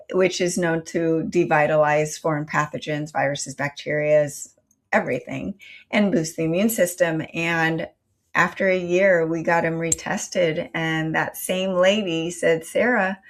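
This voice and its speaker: A middle-aged woman, a company founder, answering interview questions with an earnest storytelling manner and some fillers. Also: low voice.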